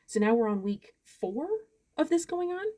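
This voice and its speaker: A mother in her forties ranting casually to the camera, exasperated and retelling conversations in quick bursts. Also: a little high, animated, warm tone. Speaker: parent vlogger. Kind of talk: frustrated casual rant to camera.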